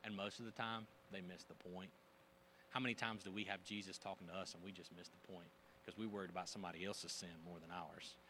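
A man preaching a sermon in a conversational, animated way, using casual slang. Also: low voice, a little fast, a little hiss or hum. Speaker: pastor.

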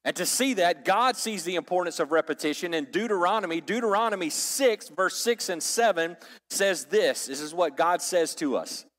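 A man's voice: high voice, moderate pace, fairly bright tone, in a large hall. A man teaching a sermon to a church group in a conversational way, asking the audience questions and joking. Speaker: pastor or Bible teacher.

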